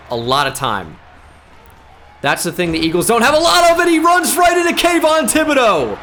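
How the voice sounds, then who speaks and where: A man giving live play-by-play commentary on his own video game, muttering to himself and shouting on big plays. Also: on the high side, slight background noise. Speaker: gaming YouTuber.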